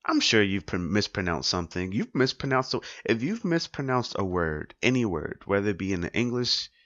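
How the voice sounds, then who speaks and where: A man's voice: fairly low pitch, sing-song, normal speed, fairly bright tone, dry recording, highs cut off. A man hosting a solo podcast, talking casually and repeating his points with rhetorical questions. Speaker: podcast host.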